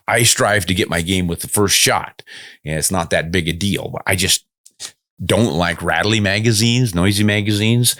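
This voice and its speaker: A man's voice: deep voice, normal speed, a bit bright, no room sound, clean studio sound. An older man hosting a podcast, answering viewer comments in a casual, good-humored, self-deprecating way. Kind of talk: casual chat.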